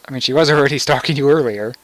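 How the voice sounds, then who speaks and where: A man's voice: mid-range voice, very fast, no room sound. A young man giving casual, joking commentary over a video game and laughing often. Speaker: let's play commentator.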